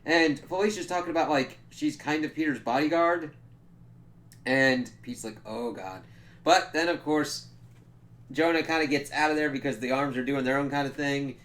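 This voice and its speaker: A man's voice: on the high side, steady tone, moderate pace, a bit bright. A man giving a casual, rambling spoken review of a comic book. He swears freely, leans on fillers and acts out the characters' reactions. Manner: loose and rambling, full of fillers and swearing, acting out quoted reactions.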